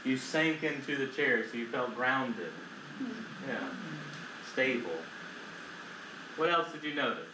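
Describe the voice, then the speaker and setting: A man, a chaplain, gently guiding a group through a breathing exercise, calm and lightly joking. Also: medium pitch, slow, long pauses. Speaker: chaplain and guest speaker. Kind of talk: guided breathing exercise and talk. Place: church hall, without a mic. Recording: echoey hall with noise.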